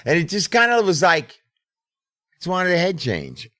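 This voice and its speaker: A man's voice: high-pitched, huge pitch swings, a little slow, bright, forceful tone, no echo, studio quality. A middle-aged man telling a casual, profane story as a podcast host. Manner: profane, laid-back storyteller.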